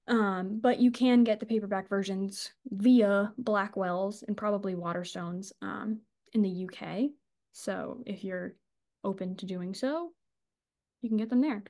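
A woman's voice: mid-range voice, a little mellow. Gushing chatty woman podcast host. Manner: gushing, chatty, swears and laughs often. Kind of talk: casual book chat.

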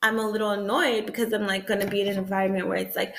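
A young woman from the American South talking in a profane, rambling, animated way in a casual vlog rant. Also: mid-range voice, fast talker, few pauses, roomy sound. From Southern United States. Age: young adult.

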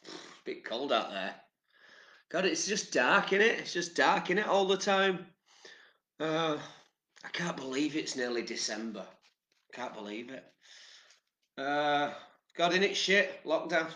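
A man's voice: on the high side, animated, unhurried, pauses often, bright, forceful tone, reverberant. An English man giving casual motivational talk to camera, chatty and rambling, with casual swearing. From England. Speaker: vlogger.

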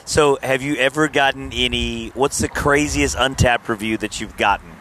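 A man's voice: mid-range voice, moderate pace, bright, forceful tone, a little hiss or hum. A man hosting a casual podcast conversation, jokey and asking questions. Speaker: podcast host.

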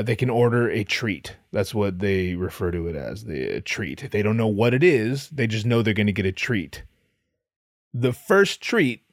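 A man's voice: medium pitch, no room sound. Male comedy podcaster, profane and rambling, mock-boastful storytelling, dry sound. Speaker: podcast host.

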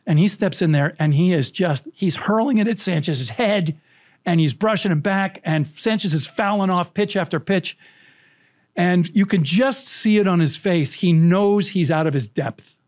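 A middle-aged man spinning animated anecdotes as a podcast guest. His voice sits a little higher than most men's, and he jumps into quoted lines and breaks into frequent laughs. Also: moderate pace. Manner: lively, acts out quotes, laughs often. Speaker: storytelling coach, podcast guest.

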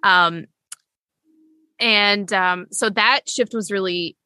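A woman's voice: medium pitch, slow pace, pushed and bright, no echo. A woman in her thirties, a nurse, chatting candidly in an interview with plenty of fillers and self-corrections. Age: 30s. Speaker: nurse and clinical educator, guest. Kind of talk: casual interview chat.

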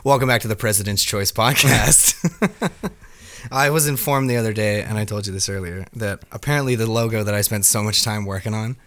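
A man's voice: fairly low pitch, steady tone, brisk, fairly bright tone, dry recording. A young man hosting a casual podcast, loose and laughing, swearing freely. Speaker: podcast host.

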